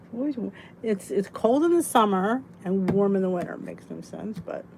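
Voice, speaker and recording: A middle-aged woman talks in a loose, joking way, drifting into hushed asides. She sounds sleepy and yawns between thoughts. A faint hiss sits under her voice. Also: mid-range voice, animated, normal speed. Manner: chatty, joking, breaks into laughs and soft whispered asides. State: sleepy, yawning. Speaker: host of a weight loss support chat. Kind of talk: casual live chat reading viewer comments.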